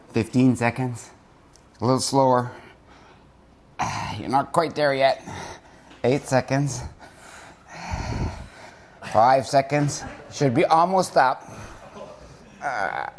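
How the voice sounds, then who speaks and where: Male founder vlogging a motivational talk: slow-paced, expressive pitch, out of breath at times. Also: a little hiss or hum. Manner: coaching slow push-ups, counting aloud, laughing often; reflective, drops low and soft to make points. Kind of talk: casual motivational vlog talk.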